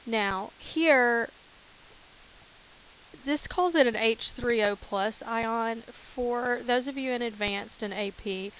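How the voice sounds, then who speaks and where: Slow, casual woman chemistry teacher. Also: on the high side, fairly bright tone, a little hiss or hum, poor audio. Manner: casual, repeats key terms, fillers. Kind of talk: recorded lecture over notes.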